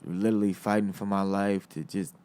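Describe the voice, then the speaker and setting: Young man, rapper guest, lowish voice, street slang, swears a lot, defiant emphasis. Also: little pitch movement, a little fast, dark tone, clean tone. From South Berkeley, California. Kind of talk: casual interview talk.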